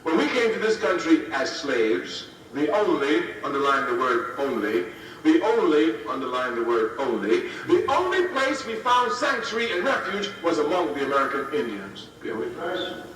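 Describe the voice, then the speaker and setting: Addressing students, a man in his fifties delivers a forceful political speech that repeats key phrases for emphasis. He has a mid-range, fairly bright voice with big pitch swings and a normal pace, heard on a distant, roomy archive recording with light hiss.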